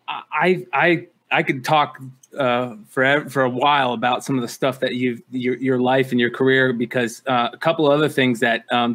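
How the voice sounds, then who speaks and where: A man hosts a casual interview podcast in a mid-pitched voice. He asks his questions haltingly, repeating words and pausing on fillers as he goes. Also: a bit bright. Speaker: podcast host.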